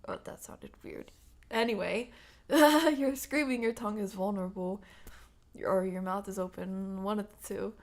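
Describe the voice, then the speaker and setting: A woman's voice: medium pitch, level tone, normal speed, a little mellow. A woman with a stuffy nose chatting on a livestream, often dropping into a half-whisper, giggling as she reads and answers chat. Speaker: ASMR streamer.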